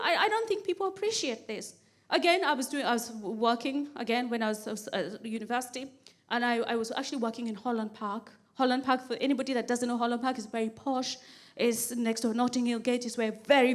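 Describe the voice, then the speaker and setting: Woman stand-up comic, high voice, animated storyteller who leans on repetition. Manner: animated storyteller, repeats phrases for comic rhythm. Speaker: stand-up comedian.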